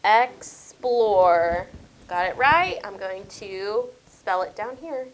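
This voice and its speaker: A woman's voice: mid-range voice, lively intonation, fairly bright tone, rough recording. A woman teacher, leading a small-group spelling lesson and thinking aloud as she models each word. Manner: slow, drawn-out modeling of words and sounds. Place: classroom.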